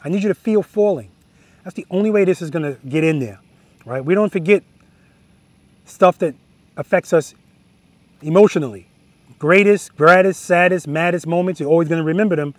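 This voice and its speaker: A motorcycle instructor, a man with a high voice, coaches riders through an outdoor drill. He talks directly and hammers home key words. His voice sounds dry and close, with motorcycle engines running behind him. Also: moderate pace, long pauses, no echo. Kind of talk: outdoor riding lesson instruction. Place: outdoor practice lot.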